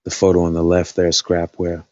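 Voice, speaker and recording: A man's voice: low-pitched, monotone, normal speed, a little mellow, no echo, lo-fi sound. A man hosting a casual live stream, thinking aloud with lots of fillers, his voice dry after talking all night.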